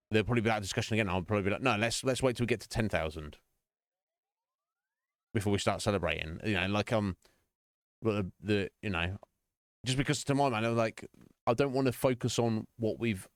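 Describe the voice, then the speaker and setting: A man's voice: lowish voice, no room sound, clean studio sound. A man streaming and chatting casually with his viewers, musing aloud as he answers their questions. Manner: reflective, rambling, answers chat questions.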